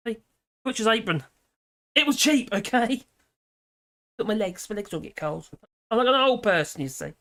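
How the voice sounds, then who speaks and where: A woman's voice: on the low side, fairly bright tone. A middle-aged woman from Britain hosting a casual livestream from home, rambling, laughing often and reading out viewer comments. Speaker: livestream host. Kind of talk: casual political livestream chat. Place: home room with dogs.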